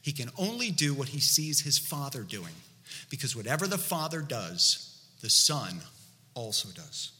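A man preaching a sermon in an animated, conversational way, asking the listeners many rhetorical questions. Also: medium pitch, measured pace, long reverb tail. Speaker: pastor.

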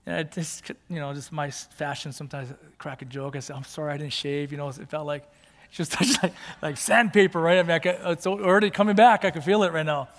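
A man's voice: a little high, fast. A male pastor telling a personal story in a sermon, conversational and rising to fervent emphasis, with Japanese phrases mixed in. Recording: long hall reverb.

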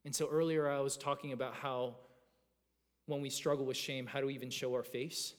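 A man in his thirties preaching a sermon as a pastor, earnest and animated, often restarting his phrases. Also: medium pitch, a little fast. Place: church sanctuary. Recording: long reverb of a church hall.

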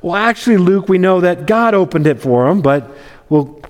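A man's voice: sits high, expressive, normal speed. A male pastor preaching an expository sermon in a conversational way, with wry asides. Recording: long hall reverb.

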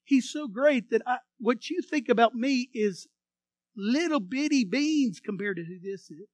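A male pastor preaching an animated sermon, acting out voices from the story and leading the congregation in repeating phrases. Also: extremely high pitch, a little slow, dry recording.

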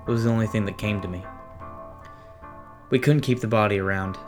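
A man's voice: fairly low pitch, fairly even intonation, brisk. A man narrating a first-person horror story in a tense, dramatic way. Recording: narration over clear music. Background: music.

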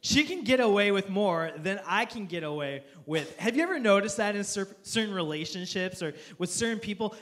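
A man's voice: sits high, animated, a little fast, few pauses, a bit bright. A man preaching a humorous sermon to a live audience, joking and asking the crowd for applause and amens. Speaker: pastor. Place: church auditorium with live audience.

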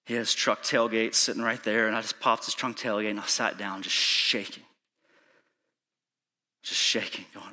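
Man, pastor, sermon storytelling, bright tone, urgent then hushed delivery. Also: on the low side, fairly even intonation, moderate pace. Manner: urgent pleading, rising to shouting in reenacted moments; soft and hushed when recounting prayer.

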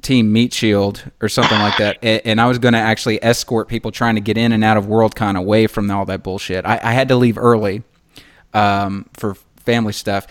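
Southern male writer, casual talk, halting restarts, quick laughs. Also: fairly low pitch, flat delivery. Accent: Southern American. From American South. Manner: halting, repeats words, laughs often. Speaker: writer, podcast guest. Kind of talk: casual conversation.

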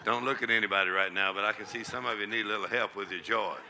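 A man's voice: fairly low pitch, steady tone, fast talker, creaky, background noise. A male pastor with a drawl preaching a charismatic sermon in a church, laughing and whooping often. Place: church sanctuary with congregation.

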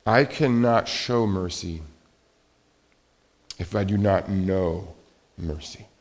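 A middle-aged man preaching a sermon, rising to loud emphatic peaks and dropping to quiet, confessional lows. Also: takes it slowly. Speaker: pastor.

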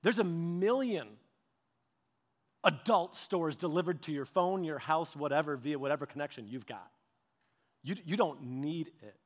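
Man, pastor, sermon, high voice, animated storytelling, repeats his words, long hall reverb. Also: a little slow. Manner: animated storytelling with repetitions and restarts.

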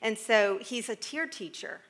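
A woman's voice: fairly high pitch, lively intonation, unhurried, fairly bright tone. A middle-aged American woman giving a chatty, humorous talk to a live audience, rambling through asides with frequent laughs. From United States. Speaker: speaker addressing a live audience.

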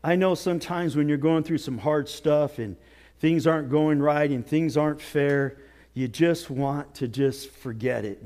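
A male pastor preaching a sermon with earnest exhortation, dropping to near whispers and rising to shouts. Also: on the high side, measured pace. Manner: swings from hushed to shouting.

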